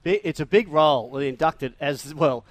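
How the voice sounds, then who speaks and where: A man's voice: fairly high pitch, normal speed, dry recording. An Australian man hosting a sports radio show in casual, jokey chat, often laughing.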